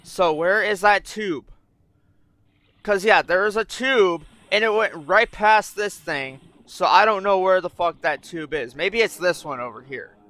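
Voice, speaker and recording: A man's voice: high voice, unhurried, pushed and bright, no echo. Frustrated young man swearing through gameplay. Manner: frustrated, swears a lot, thinks aloud. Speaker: gaming YouTuber. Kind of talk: casual gameplay commentary.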